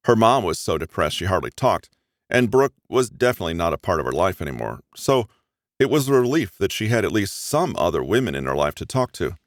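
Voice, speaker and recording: Low, lively male audiobook narrator. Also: brisk, no room sound, studio quality. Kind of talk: first-person romance audiobook narration.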